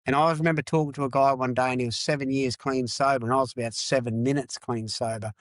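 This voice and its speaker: A man's voice: medium pitch, fairly even intonation, fast talker, dry recording. A middle-aged man from Australia, a podcast guest, talking candidly and emphatically, repeating phrases and swearing. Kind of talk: candid interview talk.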